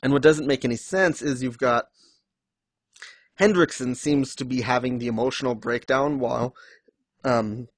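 A man in casual chat, recapping story scenes and acting out characters' lines in quick little voices, laughing often. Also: mid-range voice, dry recording. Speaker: podcast co-host discussing a manga.

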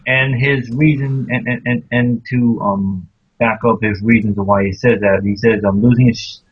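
Man, low husky voice, hesitant casual talk, dry dull lo-fi mic. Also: fairly even intonation, moderate pace, faint music behind. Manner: hesitant, repeats words while finding thoughts. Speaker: podcast co-host. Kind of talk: casual anime discussion.

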